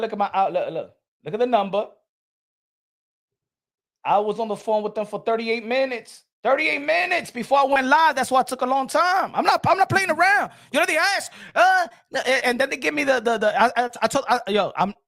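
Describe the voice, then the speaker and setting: High voice dude on a boxing stream, rambly, repeats himself, drops spanish. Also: male voice, a little fast, vocal fry. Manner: animated, mixes English and Spanish, repeats words. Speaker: boxing livestream host. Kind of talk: casual livestream chat.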